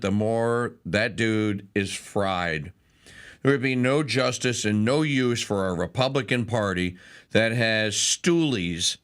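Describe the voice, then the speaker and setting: A man hosting a talk show, ranting in an animated, rambling way with asides. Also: mid-range voice, smooth. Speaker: talk radio host.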